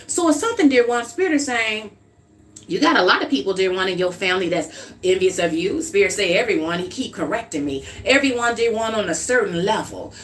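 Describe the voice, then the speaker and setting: Woman tarot reader, livestream; animated, profane, blunt. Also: mid-range voice.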